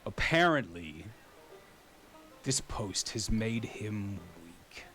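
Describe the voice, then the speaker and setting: A man doing a gruff, bitter robed leader. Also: on the low side, very animated, drawn-out words, fairly bright tone, faint music behind, exaggerated voice.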